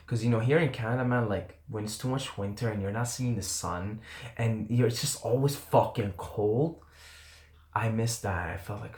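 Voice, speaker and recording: A man's voice: on the low side, normal speed, a little mellow, reverberant. A man casually telling a long personal story in a rambling, candid way, swearing now and then and often asking "right?". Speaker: vlogger telling a trip story. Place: in Canada.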